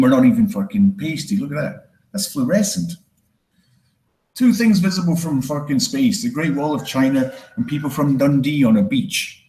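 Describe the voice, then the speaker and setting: A man from Scotland with a Scottish accent softened by years in Canada, performing a rambling, self-deprecating stand-up set and swearing freely. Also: mid-range voice, echoey room, rough recording. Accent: Scottish, with some Canadian. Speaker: stand-up comedian.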